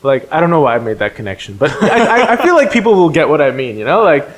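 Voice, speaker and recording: A man's voice: fairly high pitch, sing-song, fast. Rambling man in casual podcast chat. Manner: rambling, self-deprecating.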